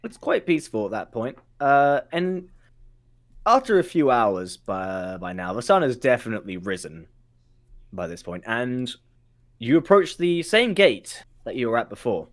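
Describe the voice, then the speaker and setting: A man narrating a tabletop game as game master, halting with many fillers. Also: mid-range voice. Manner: halting, many ums, lively voicing of guards.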